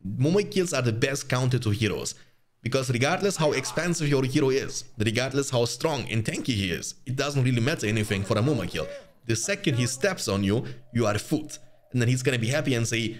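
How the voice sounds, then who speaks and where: A young man commentating his own strategy game match for viewers, chatty and quick to get excited. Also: mid-range voice. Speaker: gaming channel host. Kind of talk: live gameplay commentary.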